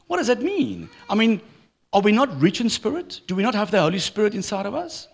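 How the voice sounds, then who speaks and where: The pastor's gravelly, high voice moves at normal speed as he preaches. This middle-aged man keeps the church sermon lively, weaving in funny stories.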